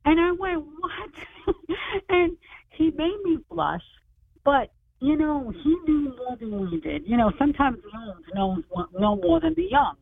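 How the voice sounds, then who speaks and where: A woman's voice: sits high, unhurried, creaky. A woman in her sixties, an author guest on a radio show, telling her story animatedly and acting out the voices of people she quotes. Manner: animated, acts out quoted dialogue. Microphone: phone. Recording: tinny phone line.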